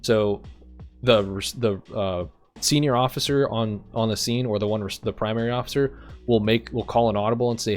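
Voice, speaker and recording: A man in a roleplay game, playing a police sergeant who explains arrest procedure to recruits in a steady, methodical way with frequent ums. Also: lowish voice, fairly quick, faint music behind. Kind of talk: instructional roleplay briefing.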